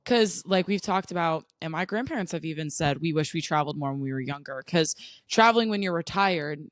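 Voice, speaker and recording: A woman's voice: low voice, expressive, fairly quick, dry recording, clean studio sound. A young woman from the United States co-hosting a podcast, chatting casually and bluntly, with lots of "like" and easy laughs. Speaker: podcast co-host.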